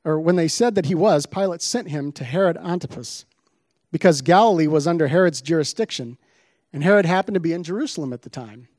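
Animated and brisk, this preacher has a slightly high, darkish voice, recorded cleanly in a studio with no echo. He gives a sermon in which he reads scripture with dramatic stress on the quoted lines before unpacking its meaning.

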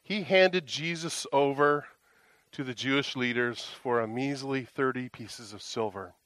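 A man preaching a conversational sermon, animated, firing off rhetorical questions. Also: medium pitch, unhurried, no echo. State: tired, emotionally raw. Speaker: pastor.

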